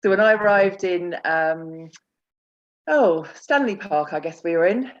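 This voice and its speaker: A woman's voice: fairly low pitch, a little slow, highs cut off. A woman on a church video call, chatty and laughing easily as she shares memories. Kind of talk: casual chat.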